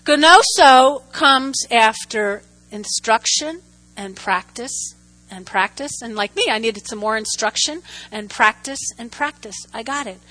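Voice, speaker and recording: A woman with a high, bright voice preaches to her congregation. She tells funny stories about herself and keeps calling out for answers from the room. Her delivery is animated and conversational. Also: poor audio. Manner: animated, humorous storytelling with audience call-and-response. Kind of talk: sermon.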